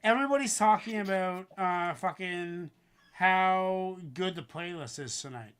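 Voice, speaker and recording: A high, bright-voiced man running a live stream, talking fast and loose about a track he just heard. He gets worked up easily, swears casually, and keeps the tone of relaxed online chat. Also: a little hiss or hum. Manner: animated, swearing, excitable judging. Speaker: host. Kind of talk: casual livestream commentary.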